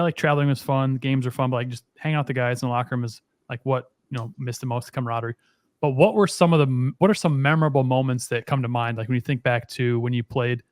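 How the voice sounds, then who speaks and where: A man's voice: mid-range voice, dry recording, clean studio sound. A man co-hosting a casual chat podcast, asking rambling questions that restart mid-sentence. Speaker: podcast co-host.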